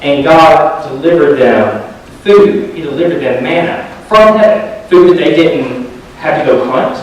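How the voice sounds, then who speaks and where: A man preaching a sermon at a community service, telling jokes as an animated storyteller. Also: fairly high pitch, unhurried. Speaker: pastor. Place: large hall at a community service. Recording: echoey hall, distant mic.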